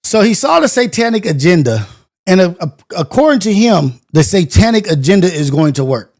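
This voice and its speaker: A man hosting a morning show, giving casual reaction commentary in an animated, slangy rant full of rhetorical questions. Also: sits high, brisk.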